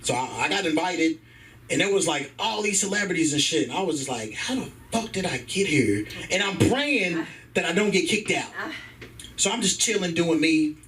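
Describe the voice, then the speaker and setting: A man doing stand-up at an open mic, his voice swinging widely in pitch as he tells a profane story and acts out the people in it. His throat is sore. He sounds distant from the mic in a comedy club, with a little background noise. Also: lively intonation, normal speed, a bit bright.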